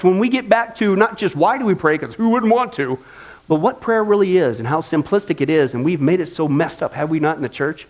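A male pastor preaching a sermon in an animated, folksy way, often asking the congregation for agreement. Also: a little high.

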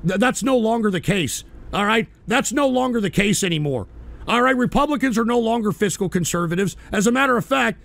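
A male host in an angry, profane rant with lots of false starts and restarts. His voice sits high and gravelly, and the sound is dry and close with no room to it. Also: expressive, a little fast, fairly bright tone, no room sound. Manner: heated, profane, stumbling restarts. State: agitated, shouting at times. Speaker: show host. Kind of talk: angry political rant reading chat.

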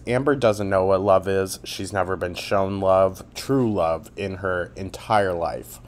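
A man giving a sarcastic, mocking commentary, with plenty of swearing. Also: on the low side. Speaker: commentary YouTuber. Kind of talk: commentary vlog.

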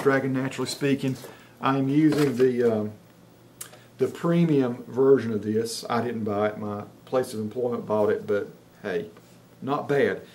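A man with a Southern Appalachian accent dictating to software and reviewing it in a plain, folksy way, thinking out loud. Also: mid-range voice, a little hiss or hum. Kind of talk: casual dictation test and review.

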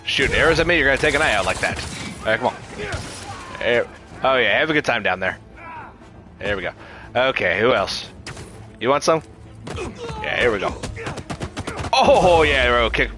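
A man's voice: medium pitch, very animated, normal speed, long pauses, over music. A man casually chatting with his viewers while livestreaming a video game, reacting as he plays. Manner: chatty, reacts to chat, frequent restarts. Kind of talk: casual gameplay livestream chat.

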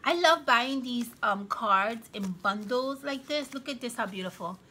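A woman casually showing off her thrift-shop finds on camera, gushing with excitement over each one. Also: a little high, a little slow, slight background noise. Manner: gushing, excitable, frequent gasps and exclamations. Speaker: craft vlogger. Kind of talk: casual show-and-tell vlog.

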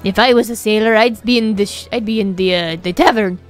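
A woman's voice: mid-range voice, brisk, faint music behind. A woman casually commentating a video game playthrough, playful and muttering to herself. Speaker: gaming video creator.

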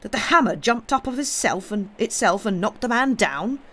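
A man putting on a sharp scornful cobbler. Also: high-pitched, animated, moderate pace, voice pushed up. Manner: sharp, mocking questions. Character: sharp-voiced male village cobbler, scornful atheist.

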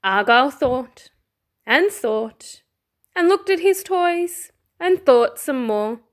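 A woman who teaches primary school, reading a picture book aloud in a slow, expressive storytelling way. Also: high voice.

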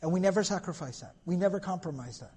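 Lecturer, man, higher voice, husky tone, storytelling style, hall reverb. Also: animated, fast, darkish tone. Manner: storytelling with Arabic quotes, casual asides. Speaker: lecturer on prophetic biography. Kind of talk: recorded lecture.

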